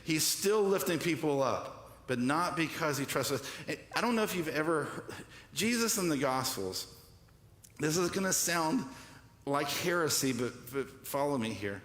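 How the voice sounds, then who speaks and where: A man's voice: lively intonation, moderate pace, fairly bright tone. A man pastor preaches in a slightly raised voice, quizzing the congregation and slipping into quoted voices. His words ring through a reverberant church hall. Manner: call-and-response preaching, asks congregation "what?"; acts out quoted voices with shifts in pitch and pace. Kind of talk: sermon. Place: church sanctuary.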